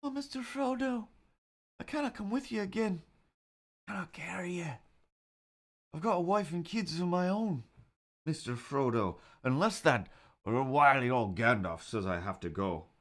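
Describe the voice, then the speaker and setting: A man voicing an earnest, devoted young male hobbit companion in a soft, pleading, high voice. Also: animated, moderate pace, close to an everyday voice.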